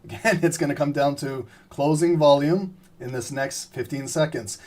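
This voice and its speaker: A man giving live trading commentary, explaining steadily and often clearing his throat as he says he is losing his voice. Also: on the high side, moderate pace. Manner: steady explanatory, repeats "remember" and "right?". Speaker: trading streamer.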